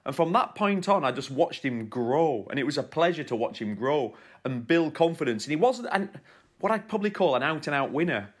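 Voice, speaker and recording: A man's voice: fairly high pitch, lively intonation, a little fast, husky. A man co-hosting a podcast, telling stories in a casual, teasing way. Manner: storytelling, teasing banter. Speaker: podcast co-host. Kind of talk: casual chat.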